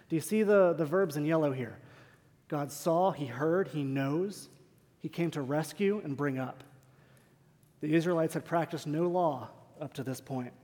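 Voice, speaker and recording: A man with a slightly high, dark-toned voice preaches a sermon in a church sanctuary, earnest and emphatic, posing rhetorical questions to the congregation. The recording carries a long hall reverb.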